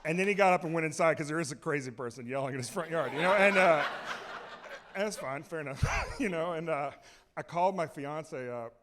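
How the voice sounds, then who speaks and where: A man telling a comic story live on a small cultural center stage, excitable, rambling and self-mocking. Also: on the high side, fairly quick, slight background noise.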